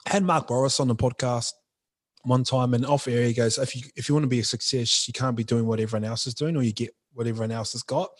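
A man's voice: medium pitch, fairly even intonation, fast talker. A young man talks as a podcast guest about running his clothing brand. His speech is loose and slangy, packed with fillers. He is frank and unpolished in manner. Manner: slangy, frank, says bro and like often. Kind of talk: casual podcast interview.

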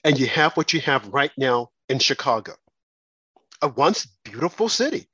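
A man hosting a talk radio show, delivering a fervent, emphatic, preacherly monologue in a husky voice. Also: mid-range voice, big pitch swings, moderate pace, pushed and bright, no room sound, dull audio.

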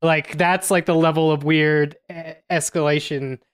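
A man's voice: fairly high pitch, level tone, a little slow, clean tone. A man co-hosting a casual podcast, thinking aloud with hesitations and the odd swear word. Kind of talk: casual chat.

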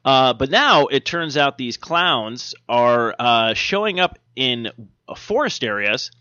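A man's voice: medium pitch, animated, slow pace, sharp tone, smooth, dry recording, muffled recording. A man co-hosting a podcast, reading strange news stories in a rambling, joking way, with lots of fillers and restarts. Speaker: podcast co-host. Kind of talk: casual chat reading odd news.

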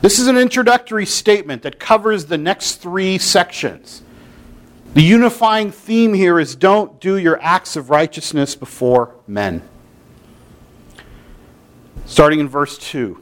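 A man's voice: high-pitched, expressive, unhurried. A man preaching a sermon in a conversational way, with playful, mock-incredulous asides. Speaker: pastor.

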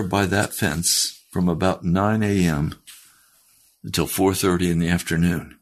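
A man's voice: sits low, steady tone, unhurried. A male preacher retelling a first-person story in his sermon, emphatic and challenging his listeners directly.

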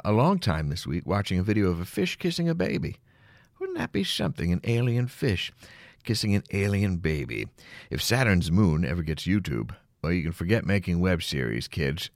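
Wry late-night podcast host, man, deep and gravelly, lively pitch, dry close-miked sound. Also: dry recording. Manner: rambling, dry, wry asides with chuckles. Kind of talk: late-night solo monologue. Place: home at night, alone.

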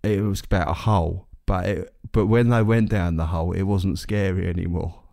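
A man co-hosting a podcast in casual chat, with a somewhat low, gravelly voice. He rambles, jokes, and corrects himself mid-thought. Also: fairly even intonation, moderate pace, darkish tone. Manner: rambling, self-correcting, jokey. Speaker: podcast co-host.

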